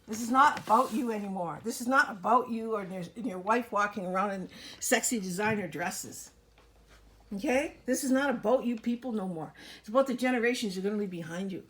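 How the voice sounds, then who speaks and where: A woman's voice: medium pitch, a little fast, a bit bright, a little hiss or hum, low-quality recording. A woman delivering a fervent, profane video rant that turns into preaching, repeating her calls over and over. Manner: fervent, profane, repetitive exhortations.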